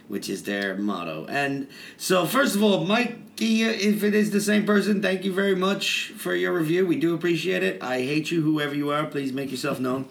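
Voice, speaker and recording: Teasing, bright-voiced male podcast co-host. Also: on the high side, expressive, moderate pace, gravelly, hardly any pauses, a little hiss or hum. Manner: laughing, teasing, profane. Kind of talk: casual podcast banter.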